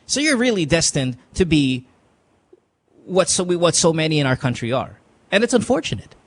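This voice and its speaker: Fairly high-pitched and very animated, this advice podcast host with a Filipino accent talks at normal speed, mixing Tagalog into his English. He's blunt and swears a lot in the casual advice chat, and a little hiss or hum sits under the audio.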